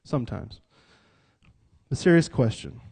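A man with a mid-range, gravelly, slightly rough voice and a darkish tone preaches an interactive church sermon at a measured pace, his pitch swinging widely. Calling himself a cut-up, he jokes around and has the congregation repeat lines back to him.

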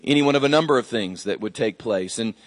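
A man's voice: mid-range voice, quick pace, long reverb tail. A middle-aged man, a pastor, telling a personal story in a sermon, conversational with fillers and restarts. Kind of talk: sermon testimony.

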